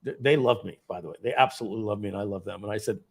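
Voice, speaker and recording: A man's voice: lowish voice, racing, creaky, a little mellow, breathy edge. A middle-aged man, a company founder, telling a dramatic personal story at a company event and acting out the scenes.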